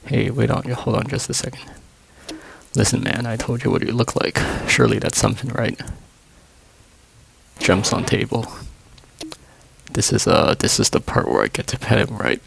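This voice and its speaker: A man's voice: mid-range voice, moderate pace, gravelly, long pauses, slight background noise, poor audio. A man voicing a nervous male hired worker who talks in a flustered, defensive way. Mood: pleading.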